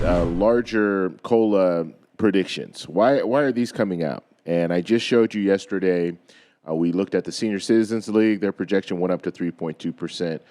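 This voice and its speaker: A man hosting a finance video channel, losing his voice, explaining things casually to viewers and often checking in with a quick "okay?". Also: deep voice, mellow. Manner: repeats himself, frequent "okay?" check-ins. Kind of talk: casual explainer talk to camera.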